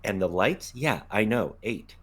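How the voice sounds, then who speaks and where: A man's voice: on the low side, expressive, measured pace, breathy edge. A man co-hosting a casual podcast, laid-back and swearing now and then, trailing off with ums. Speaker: podcast co-host.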